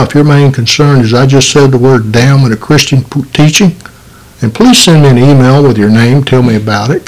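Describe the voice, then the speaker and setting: A man's voice: mid-range voice, poor audio. A man preaching an earnest, urgent sermon on his podcast, with pointed rhetorical questions to the listener.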